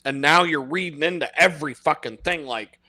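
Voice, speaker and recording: A man's voice: a little high, brisk, sharp tone, no room sound. A man hosting a live stream, ranting in an unscripted monologue, profane and exasperated but mocking himself.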